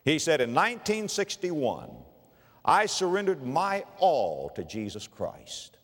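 A man preaches with a fairly high, very animated voice. He swings from ringing emphasis to hushed, low passages, and his voice trails off in the long reverb of a large hall. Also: unhurried. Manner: dramatic preaching with sudden drops to a hushed, low delivery. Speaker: pastor. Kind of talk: sermon.

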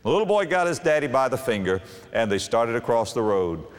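A man in his fifties delivers a sermon, his pitch rising and falling with lively animation as he tells a folksy parable. His voice rings out with a long reverb, as in a large church hall. He slips in and out of character voices while teaching. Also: brisk, faint music behind. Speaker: preacher. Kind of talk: sermon with acted-out story.

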